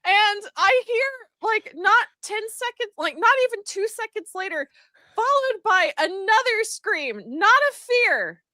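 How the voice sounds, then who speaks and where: A woman tells a story on a live stream, rambling through it with plenty of fillers and bursts of laughter. Her voice sits high and bright. The sound is dry and close. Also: very animated, measured pace, no echo. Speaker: guest streamer. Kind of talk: casual storytelling on a livestream.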